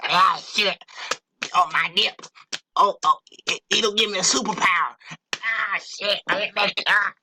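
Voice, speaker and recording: A man's voice: high-pitched, measured pace, background noise, voice pushed up. A man voicing a panicky redneck man who yelps and cries for help in an improvised amateur voice act. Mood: panicked. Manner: yelping, frantic cries for help.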